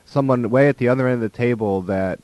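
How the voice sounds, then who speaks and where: A man's voice: mid-range voice, fast, a little mellow, dry recording. A man giving a conversational spiritual talk about relationships, slipping into the voices of the people in his stories. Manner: conversational, acts out quoted voices.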